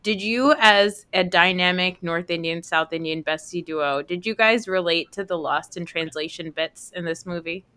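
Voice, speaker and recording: A woman hosting a casual chat, animated and emphatic as she asks questions over a video call. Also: fairly low pitch, moderate pace, hardly any pauses, smooth.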